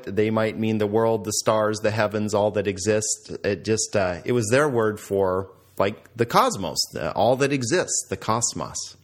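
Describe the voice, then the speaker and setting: A man teaching a Greek grammar lesson, explaining patiently and quizzing the listener. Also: fairly low pitch.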